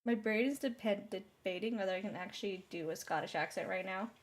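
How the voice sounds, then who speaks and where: A woman's voice: mid-range voice, brisk. Playful self-mocking woman gamer. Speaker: gaming streamer. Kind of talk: let's play commentary. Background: game music.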